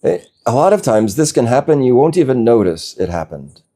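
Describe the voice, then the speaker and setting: A man giving a slow, gentle spiritual talk as a teacher, reflective and unhurried, now and then laughing softly. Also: mid-range voice, very animated. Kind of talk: satsang talk.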